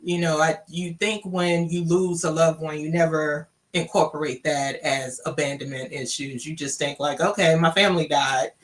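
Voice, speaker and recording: A woman's voice: low-pitched, steady tone, moderate pace, few pauses. A woman from Louisiana, candidly telling her personal story and acting out the dialogue she quotes. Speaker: guest sharing her story.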